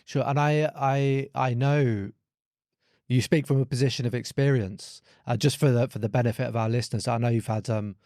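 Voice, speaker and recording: A man hosting a podcast and asking an interview question in a hesitant, halting way. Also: mid-range voice, a little mellow, dry recording, studio quality. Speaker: podcast host.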